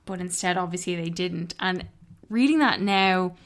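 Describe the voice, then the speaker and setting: A woman co-hosting a podcast, talking candidly and swearing casually in a relaxed book club chat. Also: fairly low pitch, moderate pace. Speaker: podcast co-host. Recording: traffic noise from an open window.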